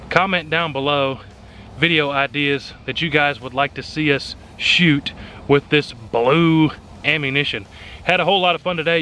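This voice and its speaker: Bright-voiced man narrating at a shooting range. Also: fairly high pitch, slight background noise. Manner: relaxed running commentary between shots. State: out of breath at times. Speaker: host of a shooting channel. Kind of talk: casual outdoor shooting vlog.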